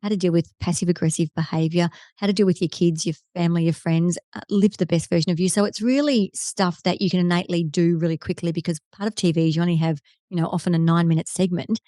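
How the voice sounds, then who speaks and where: An Australian woman, a TV presenter and keynote speaker, telling an effusive, animated story in a podcast interview. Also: on the low side, fast, dry recording, studio quality. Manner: effusive, animated storyteller who voices quoted people. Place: podcast studio.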